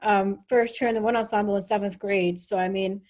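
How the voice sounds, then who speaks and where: A woman hosting a casual chat over a video call, relaxed and talkative with many fillers. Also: medium pitch, fairly quick. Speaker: host, trombone player. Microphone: video call microphone.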